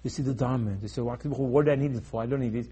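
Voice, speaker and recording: A man preaching a sermon, swinging between loud emphatic bursts and low, quiet asides. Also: fairly even intonation, fast, husky.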